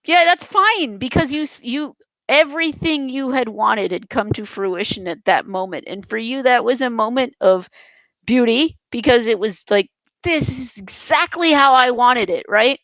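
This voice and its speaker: Guest voice: emphatic young woman, higher pitch, dry close sound. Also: expressive, moderate pace, a bit bright, dry recording, low-quality recording. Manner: passionate, emphatic, many restarts. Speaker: podcast guest. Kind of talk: casual interview chat.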